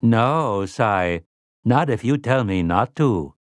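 A man's voice: medium pitch, expressive, slow, no echo, clean studio sound. A man voicing a smug, overly polite male robot servant who speaks in formal, courtly phrasing. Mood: smug politeness.

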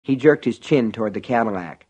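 A man reading an audiobook in measured, vivid narration. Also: fairly low pitch, lively intonation, darkish tone, slightly rough. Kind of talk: scripted narration.

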